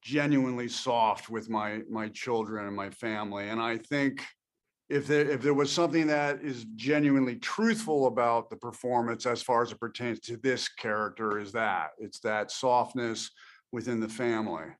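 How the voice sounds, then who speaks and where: A man in an interview speaks with a mid-range, ordinary pitch. He answers thoughtfully, often halting and restarting as he searches for words. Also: fairly even intonation. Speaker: actor, interview guest.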